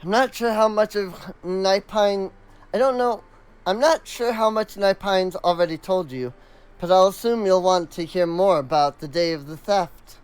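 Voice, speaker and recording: A man's voice: high-pitched, moderate pace, clean tone, lightly acted, low-quality recording. A man voicing an earnest young woman hunter from a remote village, polite and with a put-on accent.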